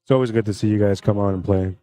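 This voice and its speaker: A man commentating a live pool tournament stream in a relaxed, friendly way, reading out chat comments between shots. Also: fairly low pitch, quick pace. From Canada.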